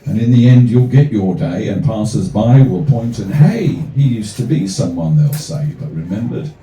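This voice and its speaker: A man reads his comic rhyming poetry to a small cafe crowd, moving from verse to dry, deadpan asides. His voice is dark and mellow but swings lively in pitch. The recording sounds roomy and distant, picked up from well back across the venue. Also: normal speed. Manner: wry, deadpan asides between rhyming poems. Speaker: performance poet. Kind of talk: live comic poetry reading.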